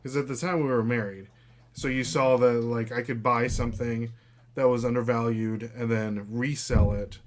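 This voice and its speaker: A man's voice: medium pitch, fairly even intonation, moderate pace. A man in his thirties hosting a casual live podcast, talking loosely with lots of fillers and reading out viewer comments. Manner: loose and chatty, many fillers, talks to his dog. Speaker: podcast host.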